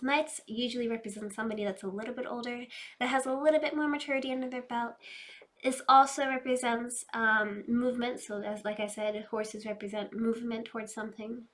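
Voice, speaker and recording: A woman doing a casual, chatty tarot reading, fast-talking and loose, addressing her viewers directly. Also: fairly high pitch, a bit bright. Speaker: tarot reader.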